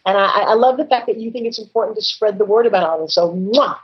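A woman guest in an interview, talking in an effusive, animated and emotional way. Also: medium pitch, fast, breathy edge, lo-fi sound.

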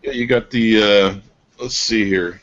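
A man's voice: lowish voice, fairly even intonation, measured pace, fairly bright tone. A man hosting a podcast, enthusiastic and joking as he shows off a product, laughing often. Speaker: podcast host. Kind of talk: casual product chat. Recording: dull lo-fi podcast audio.

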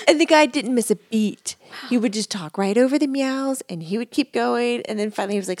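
A woman's voice: on the high side, a little fast, hardly any pauses. A middle-aged woman co-hosting a podcast, telling funny stories in casual chat and laughing often. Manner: giggly, animated storyteller. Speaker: podcast co-host, medium.

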